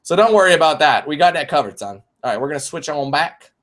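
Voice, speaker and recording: A man in his twenties chatting on a live-streamed Q&A, animated, swearing and laughing often. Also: a little high, quick pace. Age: 20s. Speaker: YouTube gamer and streamer.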